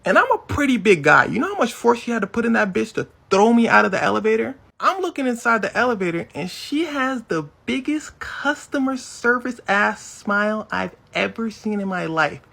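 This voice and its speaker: A man with a gravelly, husky voice tells a profane, indignant story, swinging his pitch all over the place. He is from Africa and the States and narrates with animated energy. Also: normal speed, few pauses. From Africa and the United States. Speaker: storyteller in a viral clip. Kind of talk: storytelling monologue.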